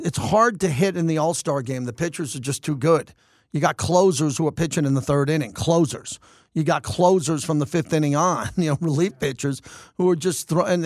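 A man hosting sports talk radio in an energetic, opinionated monologue. His voice sits a little high for a man, and the studio sound is dry and close. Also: no room sound. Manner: energetic, opinionated, thinks aloud with restarts.

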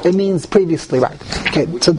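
A man teaching a Torah class to a group, animated, with rising emphasis and many Hebrew terms. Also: sits high, brisk, a crowd in the background. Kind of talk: lively Torah class with questions.

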